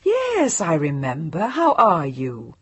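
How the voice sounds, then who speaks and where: A woman's voice: deep voice, huge pitch swings, takes it slowly, fairly bright tone, breathy edge, no echo, exaggerated voice. A woman narrator voicing a polite, puzzled older woman answering the phone.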